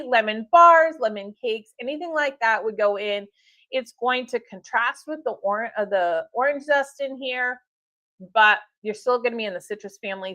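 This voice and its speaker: A woman's voice: a little high, fairly bright tone, no echo. A woman hosting a live stream for her tea shop, talking in a chatty, upbeat way with fillers and laughs. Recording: dull lo-fi stream audio.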